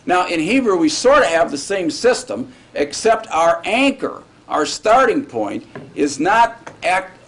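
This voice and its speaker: A man's voice: high voice, sing-song, unhurried, few pauses, fairly bright tone, slightly rough. A man lecturing on Hebrew grammar to a class, in a casual way, often checking in with his students.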